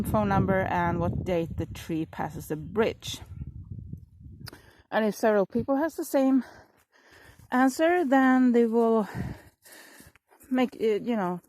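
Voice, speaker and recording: A woman vlogger with a mid-range, slightly mellow voice chats casually to her viewers, rambling and apologizing with laughs while walking her dog by a frozen river. She films on a handheld phone outdoors; the windy audio is poor but has no echo.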